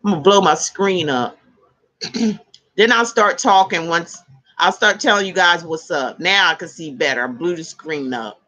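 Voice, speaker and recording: A woman's voice: on the low side, normal speed. A woman hosting a casual tarot live stream, chatting with viewers, reading their comments aloud and laughing easily. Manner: laughs easily, animated exclamations.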